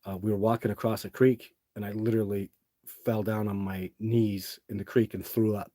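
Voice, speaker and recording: A middle-aged livestream host chats with his audience through lengthy, rambling anecdotes, restarting and using fillers often. His warm, lowish voice is flat in delivery and moderate in pace, with no echo.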